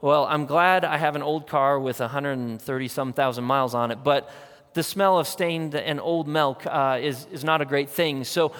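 A man's voice: fairly high pitch, normal speed, a bit bright. Earnest male pastor preaching in a hall. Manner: earnest, conversational storytelling with emphatic repetition. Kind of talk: sermon. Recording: long hall reverb.

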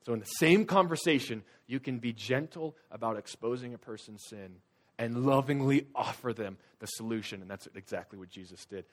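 Young male preacher, loud-to-hushed swings. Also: a little fast. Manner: swings from loud, urgent bursts to quiet, low-voiced confiding; conversational storytelling with casual fillers. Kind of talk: sermon.

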